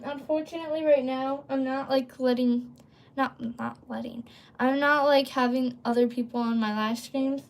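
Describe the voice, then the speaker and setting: A woman hosting a casual livestream, rambling with lots of fillers and breaking off to read and answer chat. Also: on the high side. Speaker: livestream host.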